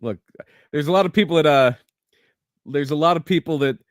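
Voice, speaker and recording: A man's voice: fairly high pitch, a little fast, no echo, clean studio sound. A man co-hosting a casual wrestling podcast, telling stories with many restarts and chuckles. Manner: rambling storyteller, many restarts, laughs. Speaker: podcast co-host.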